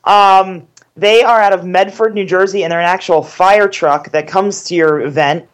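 A woman's voice: on the low side, fairly even intonation, moderate pace. A woman co-hosting a casual radio chat, blunt and teasing, swearing freely. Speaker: co-host.

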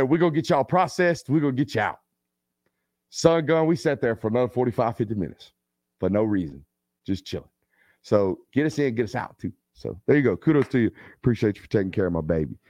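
A man in his thirties hosting a live football show, chatting casually and telling stories with loose slang and quick asides. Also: mid-range voice, no room sound, studio quality. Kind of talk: casual live-stream chat.

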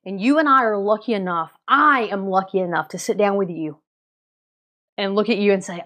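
A woman hosting a motivational podcast episode, coaching her listeners with energetic, direct questions. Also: mid-range voice, fairly quick. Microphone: podcast mic, also filmed.

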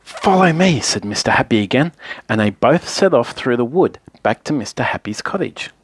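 A man reading a children's story aloud in a playful, lively, repetitive way. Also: mid-range voice, moderate pace, husky, dry recording.

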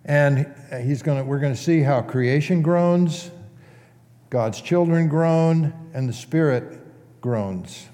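Male pastor, sermon, slow, mellow tone, conversational, long church reverb. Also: fairly high pitch. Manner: conversational, asks the congregation questions.

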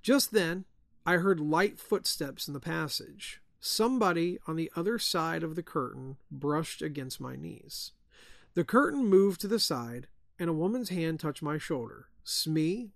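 A man, a podcast host, reading a ghost story aloud in a hushed storytelling voice. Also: on the high side, expressive, moderate pace, vocal fry, no room sound, studio quality.

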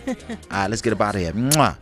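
A man with a very deep voice chats loosely with his partner as co-host. He talks in easy street slang, often laughing, with soft music underneath. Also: wildly swooping pitch, brisk. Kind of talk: casual chat.

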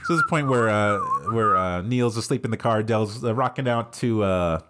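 A man's voice: lowish voice, moderate pace, heavy background noise. A man hosting a casual film review podcast, laughing often as he retells scenes. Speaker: podcast host.

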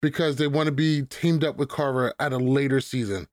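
A man's voice: mid-range voice, steady tone, fairly quick, dry recording, studio quality. A man hosting a podcast, recapping episode scenes in a sarcastic, joking way. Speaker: podcast host. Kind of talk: casual recap chat.

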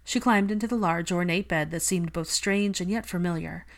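Low-voiced woman reading a story. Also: normal speed. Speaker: reader. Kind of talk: reading fan fiction aloud.

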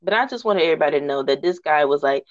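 A woman hosting a podcast, telling rant stories in a lively, slangy, laughing way. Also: low-pitched, very fast, no room sound. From northern United States. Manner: animated, slangy, laughing storyteller. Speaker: podcast host. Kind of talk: casual storytelling rant. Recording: dull lo-fi recording.

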